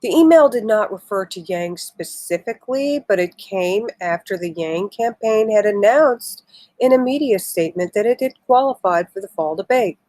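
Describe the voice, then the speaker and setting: A woman's voice: medium pitch, animated, moderate pace, mellow, dry recording, rough recording. Indignant woman live-streaming political commentary. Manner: indignant, emotional, reads articles with asides. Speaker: political livestream host. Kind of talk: casual live-stream commentary, reading news aloud.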